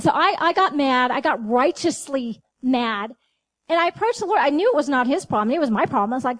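A middle-aged woman delivers a sermon in a high, bright-pitched voice. She speaks straight to her listeners, coaxing and animated, and breaks into quick acted-out exchanges with God. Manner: animated, talks to the audience, acts out dialogue with God. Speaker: preacher.

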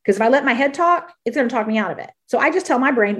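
A woman's voice: high voice, animated, rapid-fire, a bit bright. Earnest woman praying and teaching. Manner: earnest, repeats phrases for emphasis. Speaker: podcast co-host and Christian ministry coach. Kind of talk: spoken prayer and faith teaching.

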